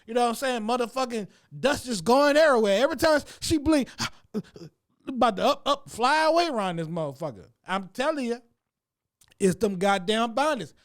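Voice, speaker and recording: A man, a comedy show host, delivering a profane, animated comic rant about what he has seen around town. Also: very high-pitched, normal speed.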